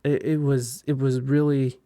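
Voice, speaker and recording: A man hosting a casual podcast chat, talking in halting bursts with many restarts and fillers. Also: medium pitch, flat delivery, warm tone, dry recording, studio quality. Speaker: podcast host.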